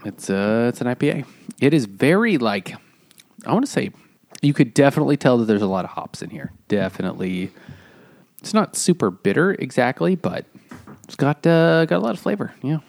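A man co-hosting a casual podcast who describes a beer in halting, searching words. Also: medium pitch, big pitch swings, gravelly, a little mellow. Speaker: podcast co-host.

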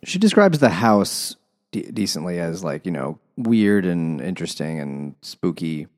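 Man, very low voice, casual book chat, dry remarks. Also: big pitch swings, unhurried, a little mellow. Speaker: podcast co-host.

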